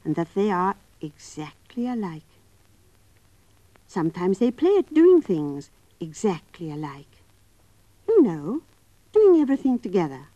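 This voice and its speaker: A woman narrating a story for young children in a gentle, coaxing way, talking straight to them. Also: medium pitch, huge pitch swings, a little slow, long pauses, no echo, muffled recording.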